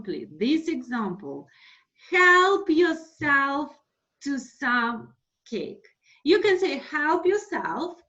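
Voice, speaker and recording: A woman teaches English over a webinar, her somewhat high voice rising and falling with lively emphasis. She talks slowly and repeats each example. The audio is dull and lo-fi. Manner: slow, explanatory, repeats examples, switches to Russian for translations. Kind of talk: online lesson, webinar.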